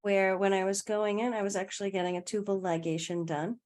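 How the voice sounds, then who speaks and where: A woman's voice: medium pitch, level tone, a little fast, darkish tone. A woman guest in a casual conversation, telling a personal story in a chatty way, often laughing and trailing off mid-sentence.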